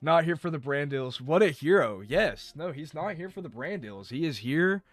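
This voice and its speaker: A man's voice: a little high, animated, moderate pace, no echo. Rambling young man streamer, faint music behind. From North Carolina, US. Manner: rambling, swearing, self-mocking. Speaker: live streamer. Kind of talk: casual live-stream chat.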